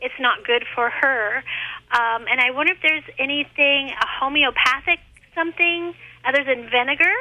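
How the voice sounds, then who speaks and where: A worried woman phones in to a radio show. Her voice is high and very bright, and it sounds dry. She speaks hesitantly, stopping often with ums. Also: normal speed, dry recording, low-quality recording. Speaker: caller. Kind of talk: radio call-in question. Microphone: telephone.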